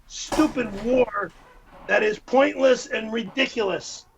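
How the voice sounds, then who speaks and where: A man's voice: extremely high pitch, takes it slowly, gravelly, crowd noise. A man hosting a casual livestream, making blunt, short remarks. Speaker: show host.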